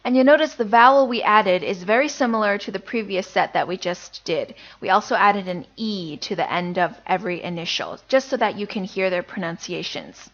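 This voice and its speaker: A woman's voice: medium pitch, fairly bright tone, dull audio. A woman teaching a beginner pronunciation lesson, patiently sounding out each letter and repeating it. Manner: patient, demonstrates sounds slowly and repeats them. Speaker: language teacher.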